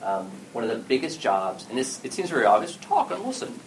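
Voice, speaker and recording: A man's voice: mid-range voice, wildly swooping pitch, a little fast. A man giving a casual talk to an audience at an event about story games, speaking animatedly and acting out what players and game masters say. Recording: distant mic with clear background noise.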